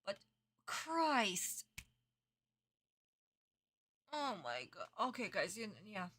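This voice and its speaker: Bright-voiced woman ranting at a cartoon. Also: mid-range voice, big pitch swings, extremely slow. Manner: exasperated, swearing, laughing outbursts. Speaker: streamer reacting to an anime dub. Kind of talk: casual reaction commentary.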